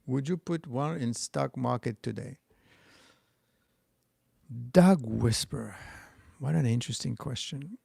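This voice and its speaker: Man, French accent, middle-aged, gravelly, dry close sound, casual livestream chat. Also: mid-range voice, slow, pauses often, a little mellow, no room sound. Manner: rambling, restarts, talks back to chat comments. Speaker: stock market channel host.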